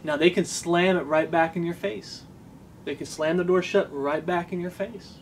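Earnest preaching man, slightly high voice. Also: steady tone, moderate pace, slight background noise. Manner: earnest, emphatic, repeats lines for stress. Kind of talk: sermon.

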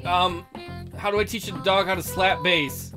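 A man's voice: sits high, moderate pace, over music. A man hosting a let's play, rambling and joking with constant profanity. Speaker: gaming video host.

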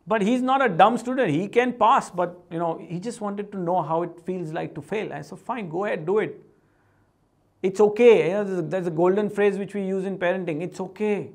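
A middle-aged man with an Indian English accent hosts a casual motivational vlog. He talks in an animated way and slips into playful voices for his family and coworkers. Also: sits high, brisk, few pauses. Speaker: vlog host.

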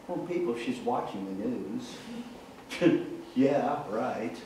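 A man's voice: medium pitch, drawn-out words, pauses often, a little hiss or hum. A man, an evangelist telling a humorous story in a sermon while moving about the room. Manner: animated, jokey, walks about the room. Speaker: evangelist preacher. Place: church sanctuary. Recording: echoey church hall from far off.

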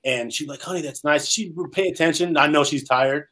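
Fast-talking man telling his life story. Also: on the high side, pushed and bright, rough recording. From Salinas, California, US. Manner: earnest, rambling storyteller with frequent "um"s and restarts. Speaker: interview guest, former pro football player. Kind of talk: storytelling in a casual interview.

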